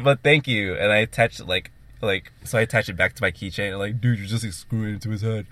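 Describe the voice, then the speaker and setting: Low-voiced young man rambling a story. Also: quick pace, a bit bright, no room sound. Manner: rambling storytelling, heavy swearing and filler. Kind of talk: casual chat among friends.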